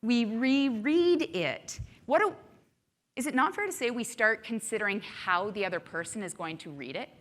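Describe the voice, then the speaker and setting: A woman giving a motivational keynote talk to a live audience, animated and often asking the room rhetorical questions. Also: medium pitch, brisk, big-room sound. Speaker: keynote speaker.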